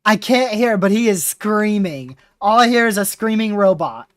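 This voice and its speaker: A woman giving lively live-stream commentary while guiding a storm chaser, often laughing and talking to her chat. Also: mid-range voice, normal speed, no room sound, studio quality.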